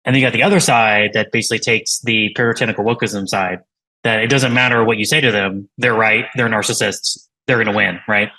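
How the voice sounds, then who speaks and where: A man's voice: lowish voice, steady tone, brisk, sharp tone, rough recording. A man, a tech founder and interview guest, talking casually in a rambling way with many fillers and restarts.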